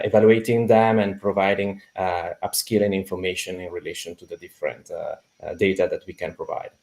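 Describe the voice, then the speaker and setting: A man's voice: lowish voice, a little mellow. A man with an Italian accent, speaking as a podcast guest in a hesitant way, with many fillers and restarts. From Italy. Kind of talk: conversational interview.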